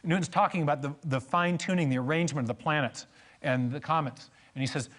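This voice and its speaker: A man's voice: a little high, fast talker, a bit bright. A man giving a church lecture on science and faith, telling stories with emphatic repetition and joking asides.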